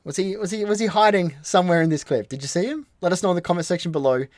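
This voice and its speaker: A man's voice: high-pitched, racing, a little mellow, no echo, studio quality. A man co-hosting a reaction video, chatting playfully and speaking straight to viewers. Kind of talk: casual chat.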